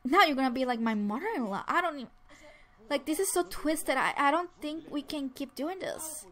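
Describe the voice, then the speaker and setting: High-pitched, expressive, and a bit bright, this woman's voice moves at normal speed as she casually narrates a life-sim game. Acting as a let's play narrator, she chats, supplies the sims' lines, and restarts many times.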